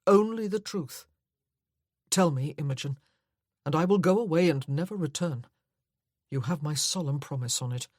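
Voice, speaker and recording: A woman reading the part of an earnest, battle-scarred young earl, pleading and insistent in a gentle way. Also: low-pitched, moderate pace, pauses often, no echo, studio quality.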